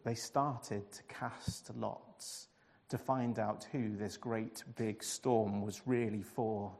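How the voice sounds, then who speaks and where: A man telling a storybook tale in a sing-song way, repeating phrases with dramatic pauses. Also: on the low side, steady tone, gravelly, darkish tone, big-room sound. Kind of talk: expressive storybook narration.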